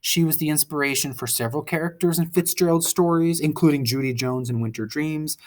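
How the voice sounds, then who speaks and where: A man's voice: a little high, fairly quick. A male teacher giving a literature lecture, enthusiastic and given to exclamations, explaining details and asking questions. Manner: explains and asks the class questions. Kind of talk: literature lecture walking through manuscript pages.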